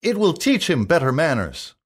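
A man's voice: on the high side, wildly swooping pitch, moderate pace, husky, voice pushed up, exaggerated voice. A man reading a storybook plays a stern officer with a curt, commanding manner. The voice sits a little above the reader's own and comes out firm.

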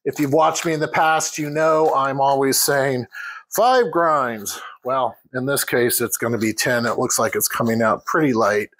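A man's voice: medium pitch, moderate pace, a bit bright, poor audio. A man hosting a home cooking demonstration in a kitchen, chatting casually and addressing viewers as guys.

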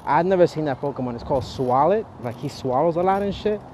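A man's voice: fairly high pitch, animated, fast talker. Profane man vlogging on a noisy street. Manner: profane, chatty, loud exasperated outbursts. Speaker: vlogger playing a mobile game. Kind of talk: casual live walking vlog. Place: outdoors on a city street, walking. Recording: noisy city street, traffic behind.

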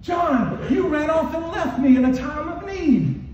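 A man voicing an exasperated teacher scolding his disciples in a high, incredulous tone. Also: animated, a little slow, darkish tone, slight background noise. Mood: reproachful. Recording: echoey hall from far off, dull.

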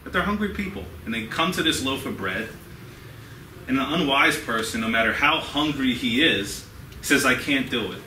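A man's voice: mid-range voice, bright, forceful tone. Guy giving a chatty earnest talk to a class, recorded from across a roomy space w faint hiss. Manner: earnest, conversational, checks in with "okay?". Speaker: guest speaker. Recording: echoey room from a distance, faint hiss.

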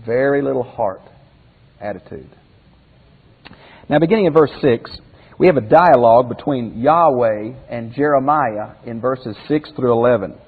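A man's voice: mid-range voice, normal speed, breathy edge. Folksy male Bible teacher, tinny hall. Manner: folksy, asks rhetorical questions. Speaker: pastor teacher. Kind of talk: Bible commentary lesson.

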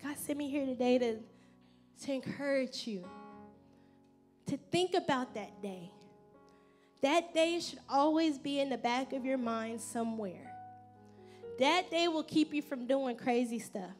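A woman pastor giving an expressive, conversational sermon at a church service. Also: high voice, a little slow, pauses often, soft background music.

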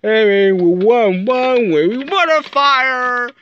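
A woman's voice: on the high side, lively intonation, takes it slowly. A woman in playful banter, teasing and goofing around with silly chanted noises. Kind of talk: playful banter over toys. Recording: muffled lo-fi with faint hiss.

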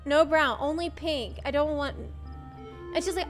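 High-voiced woman telling a lively story. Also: a little slow, soft background music. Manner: animated, laughs often, acts out quoted dialogue. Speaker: streamer. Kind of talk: casual storytelling chat.

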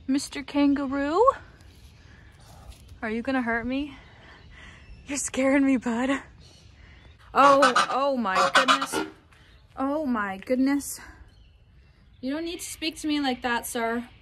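A woman's voice: high voice, slow, pauses often, a bit bright. A woman vlogging casually at an outdoor wildlife park, chatting and talking sing-song to the animals. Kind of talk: casual vlog chat. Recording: outdoor ambience with animal noise.

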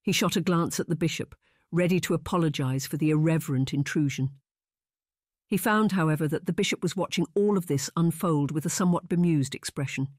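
Steady audiobook narrator, dry close sound. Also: mid-range voice, brisk, no room sound. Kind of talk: scripted narration.

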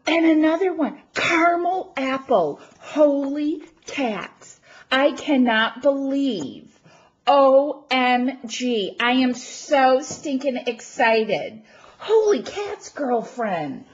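A woman crafting vlogger, not feeling well, gushing and gasping with excitement as she opens a gift package at home and chats to the camera. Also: high-pitched, drawn-out words, slightly rough, muffled recording. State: feeling unwell. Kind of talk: excited unboxing chat to camera.

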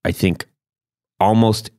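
Deep-voiced man hosting a casual podcast. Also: takes it slowly, no room sound, studio quality. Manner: animated storyteller, laughs often. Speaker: podcast host.

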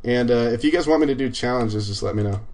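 A man's voice: medium pitch, fast talker, darkish tone. A man livestreaming a game, chatting casually to his viewers, laid-back and swearing freely. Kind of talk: casual live gaming commentary.

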